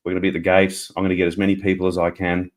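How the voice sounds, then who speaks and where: Australian man, very deep voice, chatty caller, joking and laughing, middle-aged. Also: completely flat delivery, rapid-fire. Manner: chatty, laughs often, jokey. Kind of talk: casual call-in chat.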